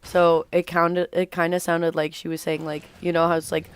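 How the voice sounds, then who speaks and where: Young woman streamer rambling a story while she plays, lowish voice, cusses a lot, lots of like. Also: little pitch movement, moderate pace, clean tone, no room sound. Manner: rambling, filler-heavy, casual swearing. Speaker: livestreamer.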